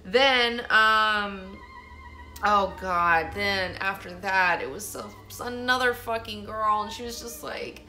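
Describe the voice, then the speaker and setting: A woman's voice: a little high, lively intonation, normal speed, pushed and bright, faint music behind. A woman vlogger telling a story in a rambling, profane way, filling her talk with "like.". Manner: rambling, profane, heavy use of "like". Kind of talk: casual storytelling monologue.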